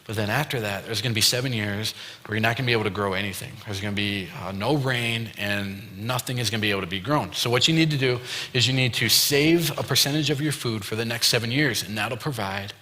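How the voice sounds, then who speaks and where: In a church youth room with long hall reverb, a young youth pastor gives a casual sermon in a lowish, fast, bright and forceful voice. He retells a story using loose quoted dialogue and plenty of filler words.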